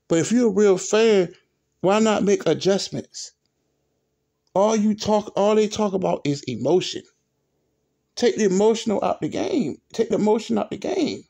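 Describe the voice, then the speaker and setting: A man's voice: high voice, gravelly, dark tone. A man hosting a sports vlog, ranting in an exasperated, repetitive, profane way with speech. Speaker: sports video host.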